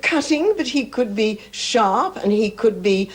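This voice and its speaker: An older woman, an interview guest telling animated stories and acting out the people in them. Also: a little high, a little slow. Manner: animated, acts out other people's lines in her stories. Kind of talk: chatty anecdotal storytelling.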